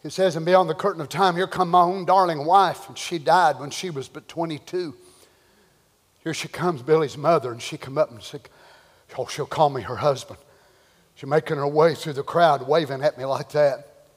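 A man preaching a sermon, moving from hushed whispers to shouted cries as he acts out the voices he quotes. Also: fairly high pitch, fairly even intonation, moderate pace, big-room sound. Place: church.

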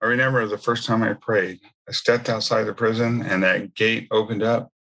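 A man's voice: fairly low pitch, steady tone, normal speed, gravelly, a bit bright. A man giving a personal faith testimony in a conversational storytelling way, full of asides. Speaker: speaker sharing his testimony.

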